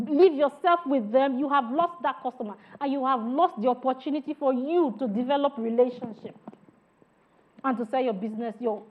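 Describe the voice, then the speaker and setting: High-voiced woman teaching, phone-like sound. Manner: emphatic, demonstrates tones by example; addresses trainees directly. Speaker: customer service trainer. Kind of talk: training lecture.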